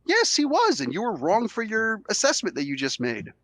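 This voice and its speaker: A man hosting a podcast while sick with a cold, arguing his side in a casual, animated way and acting out quotes. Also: high voice, moderate pace, dry recording. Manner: animated, argumentative, acts out quotes. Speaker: podcast host. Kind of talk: casual debate chat.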